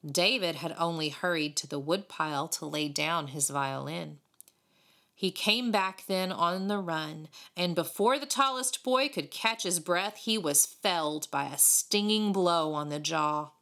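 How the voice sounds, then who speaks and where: A woman reading a storybook aloud in an expressive, animated way. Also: fairly low pitch, a little slow. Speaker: audiobook reader. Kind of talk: storybook narration.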